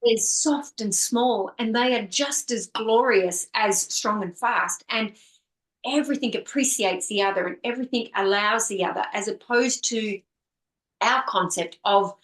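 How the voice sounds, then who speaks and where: Woman, author guest, earnest flowing speech, mid pitch, echoey room. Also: measured pace, fairly bright tone. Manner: earnest, flowing, repeats words in lists. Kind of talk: reflective conversational interview.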